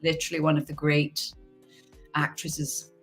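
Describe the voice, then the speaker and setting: A woman's voice: deep voice, completely flat delivery, a little slow, soft background music. A middle-aged woman voice actor chatting casually on a livestream, rambling and laughing often. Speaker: guest voice actor.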